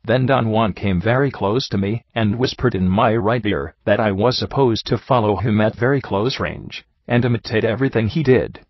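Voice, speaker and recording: A man reads a book aloud in a steady, measured narration. His voice sits fairly low. The recording is dry, with no room sound, and slightly muffled, with a lo-fi edge. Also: husky, dry recording. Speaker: audiobook narrator. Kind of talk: scripted narration.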